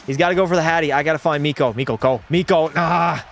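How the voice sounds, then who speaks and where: Excitable young man calling game play. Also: fairly high pitch, rapid-fire. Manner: excitable play-by-play, swears freely, talks to chat. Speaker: gaming streamer. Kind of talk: live hockey video game commentary.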